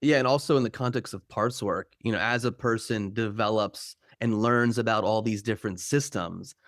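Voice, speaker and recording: A man's voice: on the low side, normal speed, a bit bright, dry recording, clean studio sound. A man hosting a podcast interview, talking casually with plenty of fillers and the odd swear word. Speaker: podcast host.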